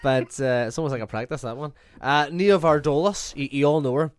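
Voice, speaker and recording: A man's voice: fairly high pitch, brisk, clear, resonant tone, no echo, clean studio sound. A man hosting a podcast in casual banter, swearing freely and laughing often. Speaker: podcast host.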